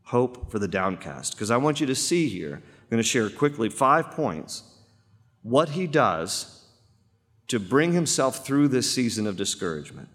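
A man's voice: mid-range voice, very animated, a little slow, a bit bright, slightly rough. A man, a pastor, preaching a sermon to a church congregation, emphatic and repeating phrases for weight. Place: church sanctuary. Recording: long reverb of a church hall.

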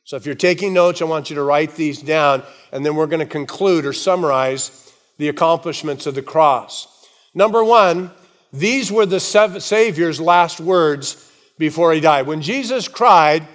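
A male pastor preaching a sermon, slowing down to give quoted words dramatic weight and joking with the congregation in asides. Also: fairly high pitch.

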